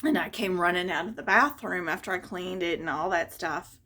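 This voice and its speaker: A woman's voice: on the low side, moderate pace. Woman telling a personal story. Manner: conversational and expressive, wistful when reflecting.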